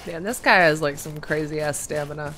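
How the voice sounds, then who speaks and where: A woman's voice: low voice, moderate pace, fairly bright tone, a little hiss or hum. A young woman giving casual commentary while playing a video game, reading game text aloud and chatting to herself. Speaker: gaming streamer. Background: game music.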